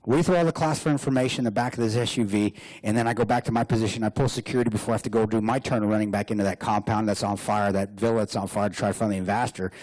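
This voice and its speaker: A man giving a lively storytelling speech as a guest speaker, joking and laughing often. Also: lowish voice, very fast, few pauses. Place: hotel banquet room.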